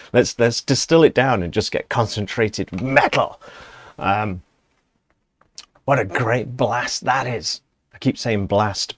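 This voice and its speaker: A man's voice: on the low side, dry recording. A man casually reviewing a song he has just heard, enthusiastic and rambling, chuckling as he goes. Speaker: music reviewer. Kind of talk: casual reaction commentary.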